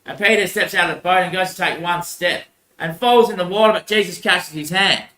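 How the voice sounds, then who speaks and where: A man's voice: high voice, brisk, sharp tone, reverberant, low-quality recording. A young man, rambling crudely in a religious monologue and laughing often. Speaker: vlogger.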